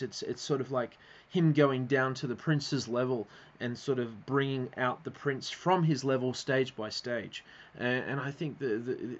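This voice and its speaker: A man of ordinary mid-range pitch gives a loose, unscripted lecture. He wanders, restarts and fills pauses as he goes. The recording is somewhat muffled and lo-fi. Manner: rambling, hesitant, many fillers and restarts. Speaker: video lecturer. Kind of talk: casual spoken lecture.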